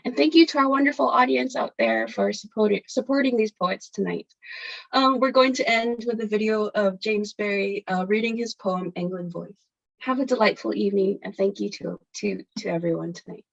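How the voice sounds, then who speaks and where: A woman host wraps up an online reading with thanks, her voice gravelly with fry. The audio is muffled and lo-fi. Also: mid-range voice, normal speed. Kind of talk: closing thanks at online event.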